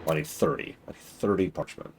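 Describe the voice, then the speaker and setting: A man streaming a game, commenting live and exasperatedly scolding the characters on screen, switching between loud outbursts and low muttering. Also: a little fast, a little hiss or hum.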